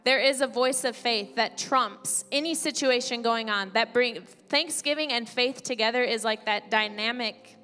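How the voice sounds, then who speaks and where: Woman pastor preaching in a church, a bit high-pitched, long hall echo and soft music under. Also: moderate pace, hardly any pauses. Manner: conversational preaching, reads scripture aloud. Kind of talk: sermon. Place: church sanctuary.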